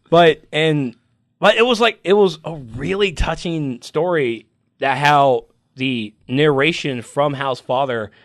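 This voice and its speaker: A man on a comic book podcast, chatting excitedly and emotionally, acting out scenes from the stories. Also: mid-range voice, no echo, studio quality. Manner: emotional, animated, acts out comic scenes in voices. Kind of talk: excited casual chat.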